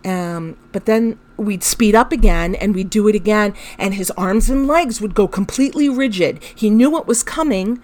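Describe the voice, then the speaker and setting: A woman's voice: medium pitch, normal speed, few pauses, darkish tone. A woman hosting a podcast, telling a personal story in a candid, emotional way, with frank swearing and laughter through her telling. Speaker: podcast host.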